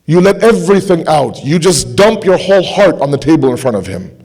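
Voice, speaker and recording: A man's voice: on the high side, big pitch swings, brisk. Impassioned man giving a sermon. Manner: impassioned, repeats phrases for emphasis, drops to quiet intensity. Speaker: speaker at a religious gathering.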